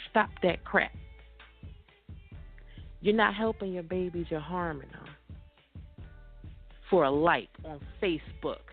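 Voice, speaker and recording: Preachy, emphatic woman radio host. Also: fairly low pitch. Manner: preachy and emphatic, repeating phrases. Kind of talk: impassioned radio talk. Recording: tinny phone-like radio audio with faint music.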